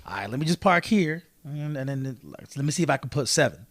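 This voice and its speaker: A man co-hosting a casual podcast, telling a story in an animated way and acting out both sides of an argument. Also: mid-range voice, fast talker, no echo. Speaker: podcast co-host.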